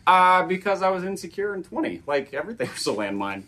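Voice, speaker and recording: Halting, self-deprecating male podcaster. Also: high voice, very animated, pushed and bright. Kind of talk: casual podcast chat.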